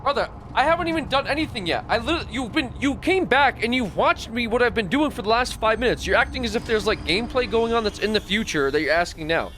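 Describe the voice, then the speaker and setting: A man's voice: very high voice, animated, quick pace, hardly any pauses, fairly bright tone, slight background noise. A man streaming a game live, talking back to his chat in an exasperated, swearing rant. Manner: frequent swearing. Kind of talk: live gaming stream commentary.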